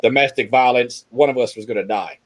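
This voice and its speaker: A middle-aged man hosting a casual podcast chat, telling stories in a profane, animated way. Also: mid-range voice, a little fast. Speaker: podcast host.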